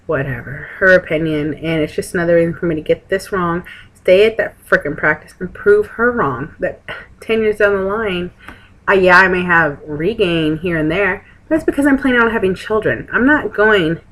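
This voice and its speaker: A woman's voice: fairly low pitch, fairly bright tone, rough recording. A young woman, chatting frankly to camera at a friend's house, rambling with sarcastic asides. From Texas. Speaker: vlogger. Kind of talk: casual chat to camera.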